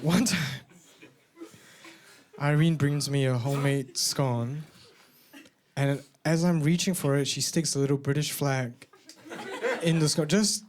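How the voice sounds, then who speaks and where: A man performing a stand-up comedy set, animated and bursting into shouted punchlines. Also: fairly high pitch, unhurried, pauses often. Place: comedy venue with a live audience.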